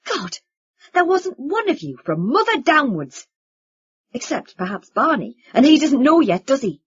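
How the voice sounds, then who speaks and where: A woman voicing a bitter young man who speaks flatly and curtly, in a dull lo-fi recording. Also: sits high, measured pace, no room sound, pitched above the performer's own voice. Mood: yelling. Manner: flat, curt, then yelling. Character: bitter, angry young man, flat and cold.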